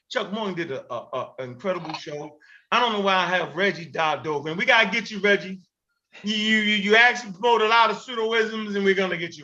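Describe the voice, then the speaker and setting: A man hosting a show, giving heated commentary in an animated, emphatic and profane way, often repeating himself. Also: high voice. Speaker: host. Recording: dull lo-fi recording.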